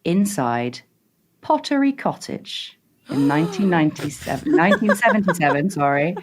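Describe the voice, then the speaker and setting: A British woman guesting on a podcast, telling a true-crime story in a lively, suspense-building way. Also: deep voice, moderate pace, background noise.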